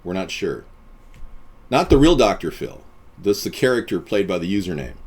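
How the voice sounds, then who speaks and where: A man hosting a live stream, chatting with viewers in a deadpan, boastful way and jumping from topic to topic. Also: low-pitched, normal speed, slightly rough.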